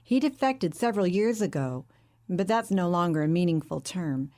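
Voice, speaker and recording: A woman reading a stately, enthusiastic woman scientist in an audiobook, eager and warm in manner. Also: fairly low pitch, animated, moderate pace, lightly acted.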